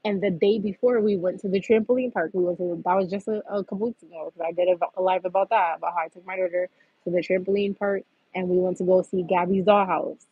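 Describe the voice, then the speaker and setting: A woman's voice: fairly low pitch, fairly even intonation, quick pace, breathy edge, dry recording, highs cut off. A woman hosting a livestream, venting bluntly and profanely in a heated rant. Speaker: livestream host.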